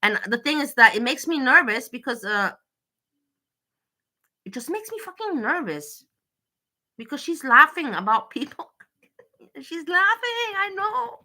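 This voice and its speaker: Exasperated ranting woman, bright voice. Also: high voice, big pitch swings, moderate pace, pauses often, rough recording. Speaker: commentary streamer. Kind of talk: reaction commentary.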